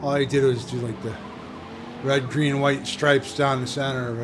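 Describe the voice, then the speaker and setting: Over game audio and the roar of race car engines, a man who runs a gaming channel chats casually as he plays, rambling and cutting himself off. His medium-pitched voice keeps a steady tone and moves fairly quickly through this relaxed let's-play commentary.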